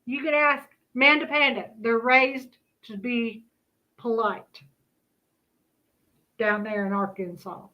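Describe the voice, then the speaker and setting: A woman's voice: fairly high pitch, steady tone, takes it slowly, pauses often, dull audio. A woman from Kansas hosting a casual commentary stream, chatty and folksy with laughing asides. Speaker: host.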